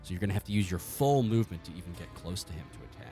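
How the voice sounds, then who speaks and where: A man's voice: sits low, expressive, racing, dark tone, faint music behind. A man narrating as game master in a tabletop game, telling the story in a vivid, profane and jokey way.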